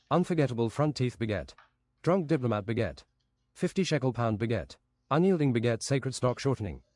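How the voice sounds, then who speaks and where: A male streamer reading out a long list of absurd phrases in a deadpan, rhythmic way, close to a desk microphone. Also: mid-range voice, no room sound.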